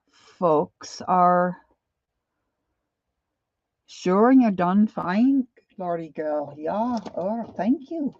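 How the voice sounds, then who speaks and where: A middle-aged woman chatting casually and self-deprecatingly while she draws, halting with fillers as she works. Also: medium pitch, a little mellow, breathy edge, no room sound, dull audio. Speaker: art journaling vlogger. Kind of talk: casual live drawing chat.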